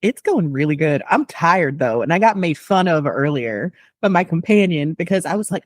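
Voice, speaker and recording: Animated, laughing woman telling stories. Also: lowish voice, moderate pace, few pauses, no echo, clean studio sound. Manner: animated storyteller, mimics voices, laughs often. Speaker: guest, tarot business owner. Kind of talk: casual group chat.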